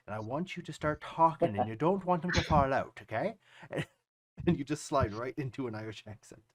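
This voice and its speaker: A man's voice: mid-range voice, a little fast, a little hiss or hum. A man at a tabletop game, teasing his friends with playful step-by-step instructions. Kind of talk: casual chat at the game table.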